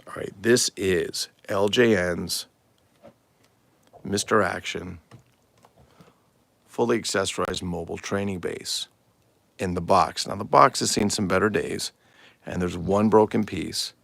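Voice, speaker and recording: A man's voice: sits low, gravelly, a bit bright. A man hosting a live collectibles show, chatting in a rambling, enthusiastic show-and-tell way.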